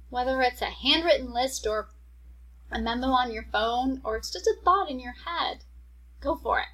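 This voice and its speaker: Warm-hearted woman podcast host, higher voice. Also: moderate pace, poor audio. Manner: heartfelt, encouraging, speaks directly to listeners. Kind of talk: solo podcast monologue.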